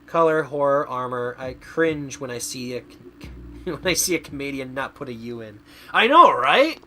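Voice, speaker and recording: A man's voice: mid-range voice, moderate pace, fairly bright tone, faint music behind. A man streaming a video game, chatting casually and rambling, often stumbling over his words. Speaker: VTuber streamer. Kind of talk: casual gaming stream chat.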